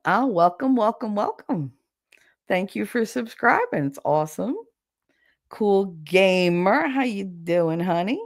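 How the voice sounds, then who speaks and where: A woman's voice: mid-range voice, animated, takes it slowly, dry recording, studio quality. A middle-aged woman with a thick American accent, hosting a casual livestream chat, swearing casually and laughing often. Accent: thick regional American accent. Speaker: livestream host. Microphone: livestream setup.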